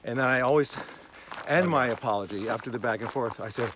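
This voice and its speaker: A man in his sixties hosting a casual chat outdoors, lively and teasing, often laughing. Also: medium pitch, a little fast, background noise. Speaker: host. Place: outdoors on a hiking trail.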